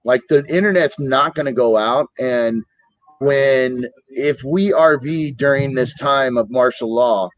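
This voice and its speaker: A man in his fifties from the United States, telling animated stories in a casual political chat and acting out quoted voices. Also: medium pitch, a little slow, no echo, rough recording. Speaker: co-host of a political talk stream.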